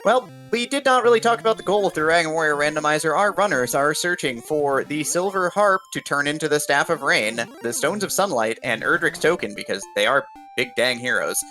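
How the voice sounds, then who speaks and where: A man's voice: fairly high pitch, expressive, brisk, hardly any pauses, bright, forceful tone, soft background music. A man commentating a video game tournament, upbeat and explaining the rules of the game to viewers. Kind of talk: esports play-by-play commentary.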